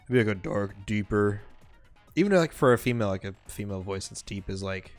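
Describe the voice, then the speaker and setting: A man's voice: fairly low pitch, a little fast, soft background music. A man streaming a game live, reading the game's text aloud and chatting casually between lines with lots of fillers. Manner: casual, rambling, many fillers.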